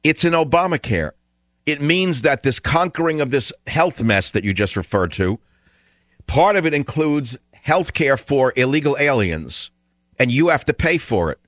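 A man's voice: on the high side, expressive, normal speed, a bit bright, no echo, lo-fi sound. A man hosting a call-in talk radio show, sarcastic, confrontational and mocking toward callers.

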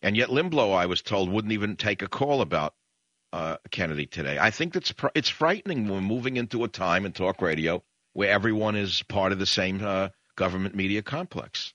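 A man hosting political talk radio in a low, forceful voice, indignant and combative as he stacks up rhetorical questions. His delivery is dry and close on a studio mic. The broadcast sound is a little dull. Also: expressive, fairly quick, dry recording.

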